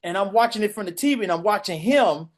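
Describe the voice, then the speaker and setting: Dc man telling a story on a podcast, loud and animated, does all the voices. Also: high-pitched, quick pace. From Washington, DC. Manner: animated, acts out voices and shouts. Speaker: podcast co-host. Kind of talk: casual storytelling.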